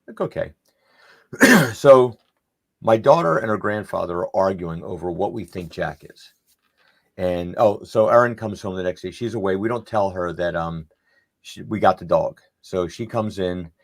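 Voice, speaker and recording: A middle-aged man's voice, low and gravelly, with a rough fry. He rambles through a long personal story on a podcast, doubling back on himself and acting out what others said. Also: normal speed. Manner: rambling, anecdotal, acts out quoted dialogue. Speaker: podcast panelist. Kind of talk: casual storytelling.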